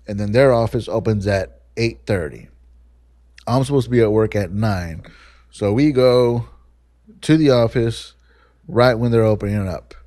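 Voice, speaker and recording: A young man hosting a podcast, telling a story in a casual, profane, animated way and acting out the people he quotes. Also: on the low side, normal speed, long pauses, no echo, clean studio sound. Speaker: podcast host.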